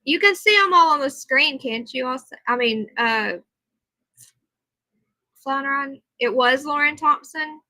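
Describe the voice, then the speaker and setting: A weary livestream host chats casually from home, reading aloud and responding to comments from her viewers. She speaks at a measured pace with long pauses, in a high, bright, forceful voice. The audio is poor but has no room sound.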